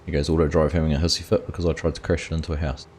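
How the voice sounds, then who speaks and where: A man's voice: extremely low pitch, flat delivery, very fast, darkish tone, a little hiss or hum. An Australian man hosting a live game stream, casually chatting and greeting viewers in chat by name as he plays. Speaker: gaming streamer host.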